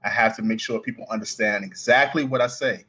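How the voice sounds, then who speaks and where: A man with a Baltimore accent, a coin ring artist talking as a guest on a podcast, speaking quickly with the odd stutter and restart. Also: fairly low pitch, pushed and bright, husky. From Baltimore, United States. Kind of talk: casual podcast interview.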